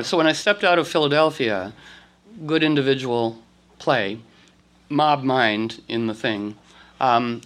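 A man's voice: medium pitch, a little hiss or hum. A man telling rambling stories to a group, acting out quotes and restarting often. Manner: animated, acts out quotes, many restarts. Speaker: speaker addressing a group. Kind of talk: rambling storytelling talk.

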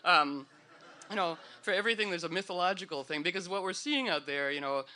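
Bright-voiced man giving a rambling, playful talk. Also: high-pitched, lively intonation, fairly quick. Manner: meandering with frequent fillers and restarts, playful. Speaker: speaker at a live gathering. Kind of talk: rambling, humorous talk to an audience.

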